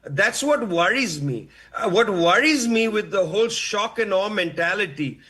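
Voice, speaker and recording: Bright-voiced man, deliberate analysis. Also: high-pitched, lively intonation, husky. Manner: deliberate, with filler pauses. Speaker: commentator in a played clip. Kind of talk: measured political analysis.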